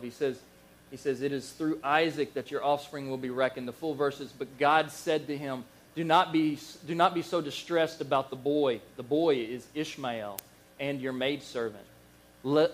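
A man preaching a Bible lesson, telling the stories in a lively, animated way and acting out the figures he quotes. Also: mid-range voice. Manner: animated storyteller, acts out quoted voices, chuckles. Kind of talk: Bible teaching sermon.

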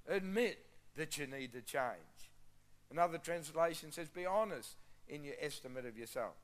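A man's voice: a little high, moderate pace. A man preaching a sermon as pastor, emphatic and repeating key phrases for stress.

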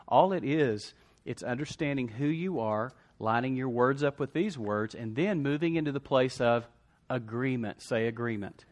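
A man's voice: medium pitch, expressive, moderate pace. A man preaching a sermon, emphatically repeating declarations and calling for responses from the congregation. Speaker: pastor.

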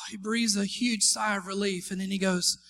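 A male pastor with an unusually high voice delivers a sermon in a church sanctuary. His tone is bright and forceful. He cracks self-deprecating jokes and calls for the congregation to shout back. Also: steady tone, moderate pace. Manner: joking, calls for responses from the congregation. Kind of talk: live sermon.

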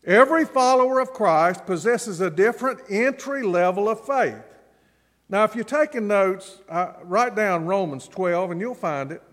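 A middle-aged man delivers a sermon in a notably high voice. He tells stories and repeats key phrases with dramatic pauses, and his words ring out with the long reverb of a large church hall. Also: fairly bright tone. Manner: storytelling preacher, dramatic pauses and emphatic repetition. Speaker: pastor.

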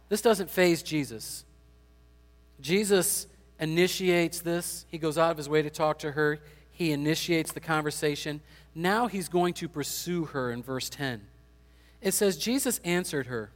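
A pastor preaches in a fairly high voice at a moderate pace, and the sound suggests a large room. He retells a scripture passage, paraphrasing and acting out what the biblical figures said.

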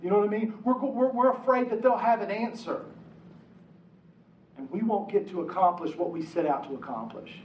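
A man's voice: high voice, moderate pace, a little mellow, slight background noise. A man preaching a conversational sermon, slipping into the voices of the people he quotes. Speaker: pastor. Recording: echoey room, mic from a distance.

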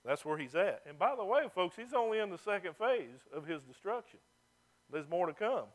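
A man, a pastor preaching a sermon, who reads scripture loudly and then drops low and mocking to make his points. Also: very animated, moderate pace.

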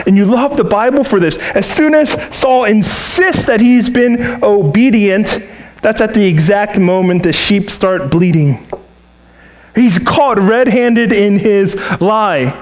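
A man's voice: high voice, unhurried, muffled recording. A man preaching a sermon as a pastor, storytelling and acting out the voices he quotes. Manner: animated, acts out quoted voices.

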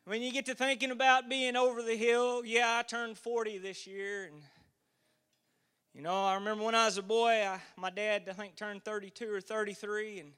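Preacher, man, 40s: high, bright, ringing voice; homespun stories building to fervent emphasis. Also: flat delivery, moderate pace, smooth. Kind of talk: sermon.

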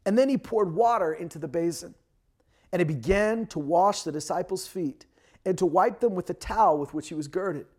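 A man's voice: high voice, moderate pace, a little mellow. A man preaching a sermon from Canada, talking in a conversational way with frequent fillers and restarts. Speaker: pastor.

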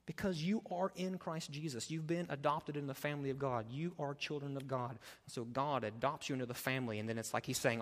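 A man preaching a sermon as pastor, passionate, swinging from loud emphatic stretches to quiet, low appeals. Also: fairly quick, hardly any pauses, in a large hall. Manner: impassioned, rising to loud emphatic preaching then dropping low.

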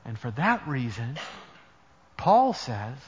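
A man preaching a sermon as pastor, emphatic, swinging between loud stressed words and quiet asides. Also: medium pitch, sing-song, slow, dull audio, slight background noise.

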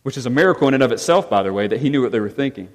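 A man preaching a sermon as pastor, with animated emphasis that rises and falls as he drives his points home. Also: medium pitch, very fast. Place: church sanctuary. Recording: long reverb of a church hall.

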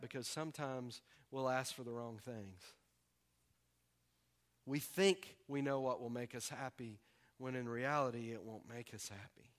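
A man from the preaching a sermon, animated and acting out voices with humor. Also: mid-range voice. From American South. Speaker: pastor.

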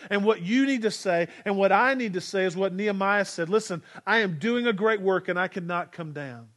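A man's voice: high voice, normal speed, hardly any pauses, fairly bright tone. A man in his forties preaching a sermon as pastor, earnest and exhorting, leading the congregation to repeat lines after him. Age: 40s.

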